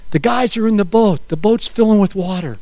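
A middle-aged male pastor preaching a sermon, dramatic, swinging from shouts to hushed tones. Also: sits high, a little fast, no echo.

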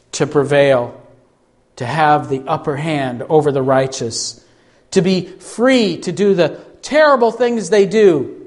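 Guy preaching slow, a bit high voiced, asks lots of pleading questions. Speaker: pastor. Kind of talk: sermon.

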